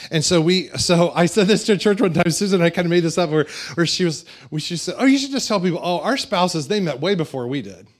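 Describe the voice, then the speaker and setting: A middle-aged man preaching as a pastor, telling a personal story in a candid, rambling way with frequent restarts. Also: mid-range voice. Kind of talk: sermon.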